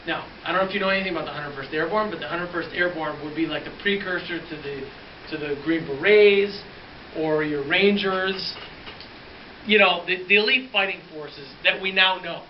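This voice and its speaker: A male history teacher telling a story to his class in a lively, animated way, acting out the dialogue with shifting voices. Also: high-pitched, moderate pace. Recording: roomy, distant, dull with faint hiss.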